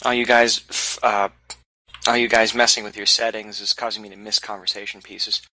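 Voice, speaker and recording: A man's voice: lowish voice, flat delivery, moderate pace, pushed and bright, rough recording. A man in a casual group chat, talking in a chatty, teasing way.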